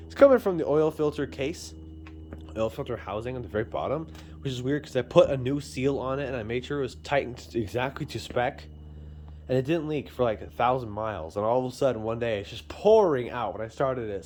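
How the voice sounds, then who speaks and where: A man's voice: mid-range voice, darkish tone, a little hiss or hum. A man rambling casually while fixing a car in his garage, filming on a handheld phone camera. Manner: rambling, self-deprecating, chatty. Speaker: vlogger. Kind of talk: casual chat.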